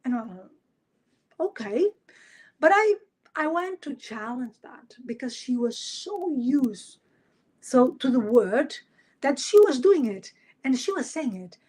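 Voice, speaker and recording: Woman in her late 40s, coach chatting on a live podcast, kinda high voice, lots of ums and restarts, laughs a lot. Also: sing-song, measured pace. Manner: warm, chatty, with frequent fillers and restarts; laughs often while telling stories. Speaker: life coach.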